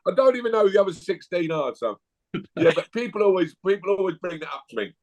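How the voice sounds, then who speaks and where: A man's voice: sits high, expressive, fast talker, a loud crowd, poor audio. A man, a guest telling blunt, jokey stories in a casual chat.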